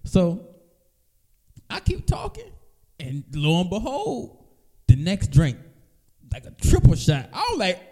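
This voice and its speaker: A man co-hosting a loose comedy podcast, telling stories with a voice that swoops up and down. His tone is warm and mellow, and he laughs often while swearing freely. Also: high-pitched, huge pitch swings, takes it slowly, long pauses. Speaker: podcast co-host. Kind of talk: casual comedic chat.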